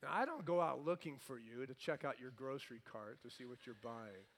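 A male pastor preaching a sermon, lively and playful, with comic asides. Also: mid-range voice, fairly quick.

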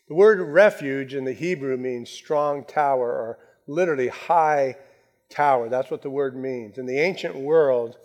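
A man preaching a sermon, slowing down to stress his key phrases. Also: mid-range voice, a little mellow. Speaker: pastor.

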